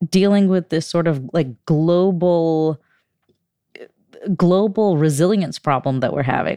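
A woman's voice: fairly low pitch, dark tone, dry recording, clean studio sound. A woman hosting an interview, responding enthusiastically and reflecting with hedging phrases. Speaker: podcast host. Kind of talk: casual interview talk.

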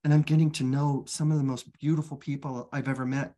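A man candidly telling his personal recovery story as a guest, halting and restarting often, earnest and open. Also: mid-range voice, little pitch movement, mellow.

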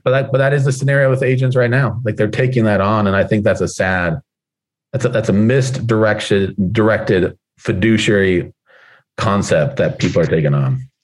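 A man with a fairly low voice talks casually and loosely, circling back with restarts and "like" fillers. He speaks as a guest on a video call. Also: moderate pace. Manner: rambling, many "like" fillers and restarts; acts out panicked voices in a high squeal. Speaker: guest speaker, real estate agent coach. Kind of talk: casual motivational talk.

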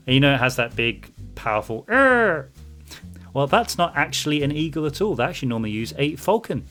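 A man's voice: mid-range voice, lively intonation, fast talker, a bit bright, soft background music. A man hosting a podcast, reading listener messages in an upbeat, teasing way. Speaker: podcast co-host. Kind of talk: casual chat.

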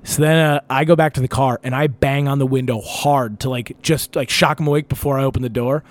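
A man's voice: medium pitch, fairly quick, dry recording. A young man telling a wild story on a casual talk show, swearing often and acting out what people said. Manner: animated, profane, acts out quotes.

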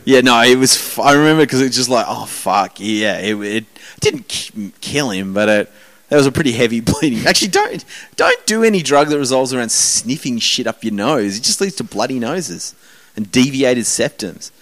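A man hosting a podcast, chatting in a loose, rambling way full of swearing and self-mockery. His pitch swings widely and stays lively. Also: normal speed. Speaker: podcast host. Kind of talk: casual podcast chat.

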